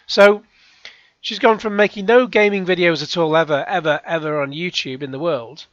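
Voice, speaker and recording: A man's voice: fairly high pitch, normal speed, a bit bright, no echo, dull audio. A man giving rambling, sarcastic commentary as a YouTube reaction host. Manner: rambling, sarcastic, with frequent sighs and restarts.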